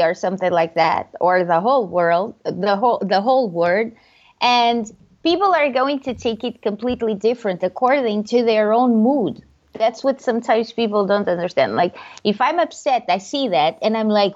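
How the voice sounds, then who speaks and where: A woman's voice: medium pitch, normal speed. Woman chatting casually, acts out voices, kinda muffled lo-fi audio. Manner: animated, acts out tones of voice. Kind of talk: casual chat.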